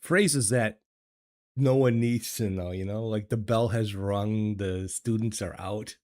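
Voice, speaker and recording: Through a desk microphone at his home streaming studio, an older American host reads his livestream chat in a low, steady, slow, somewhat dark voice. The talk is casual and hesitant, with repeated words and frequent chuckles; the sound is clean, studio-grade, and echo-free.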